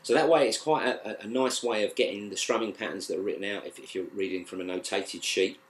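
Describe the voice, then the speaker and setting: A man with a British accent teaching a guitar lesson, explaining in a relaxed, halting way with plenty of fillers and restarts. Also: lowish voice. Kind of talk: casual spoken lesson.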